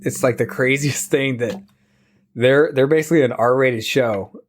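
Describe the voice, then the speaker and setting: A man's voice: mid-range voice, measured pace, slight background noise. A man co-hosting a casual podcast, joking and swearing as he trades banter. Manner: joking, profane, laughs along. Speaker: podcast co-host.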